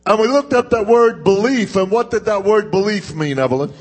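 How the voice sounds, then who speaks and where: High, husky-voiced preacher in echoing church. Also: male voice. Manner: call-and-response preaching, drawn-out emphatic phrasing. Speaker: pastor. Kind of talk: sermon. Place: church sanctuary. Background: congregation responding.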